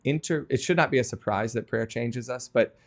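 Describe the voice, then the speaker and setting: A man in his thirties, a guest author telling parenting stories in an earnest, animated way during a podcast interview. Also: mid-range voice, a little fast. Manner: earnest, animated storytelling with laughs.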